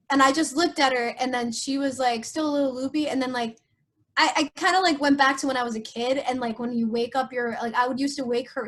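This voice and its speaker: A young woman on a podcast, telling a painful personal story in an emotional, halting way with many fillers. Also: on the high side, fairly bright tone. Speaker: podcast host.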